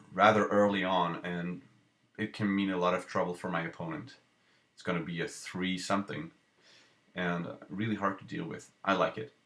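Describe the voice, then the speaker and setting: A man streaming live, thinking aloud over card game picks with halting restarts and playful self-mocking jokes. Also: deep voice, fairly bright tone.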